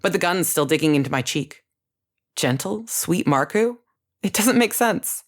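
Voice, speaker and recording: A woman narrating a first-person story in a measured, scripted reading. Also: lowish voice, expressive.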